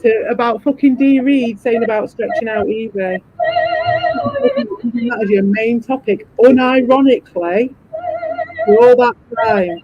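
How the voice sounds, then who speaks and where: A man's voice: very high voice, wildly swooping pitch, unhurried, soft background music. A man hosting a livestream, ranting sarcastically and swearing a lot, mocking people in put-on voices. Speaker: livestream host. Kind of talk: heated livestream rant. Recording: dull lo-fi stream audio.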